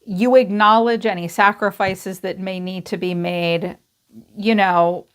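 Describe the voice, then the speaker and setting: A woman's voice: mid-range voice, steady tone, unhurried, smooth. A woman giving a casual tarot reading, talking candidly and chattily and swearing freely. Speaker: tarot reader.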